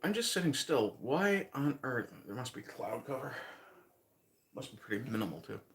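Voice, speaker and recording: Speaking at a moderate pace with medium pitch and big swings in intonation, this man hosts a livestream. He's a Newfoundlander from Canada with a light accent, chatting casually, rambling and chuckling while thinking aloud.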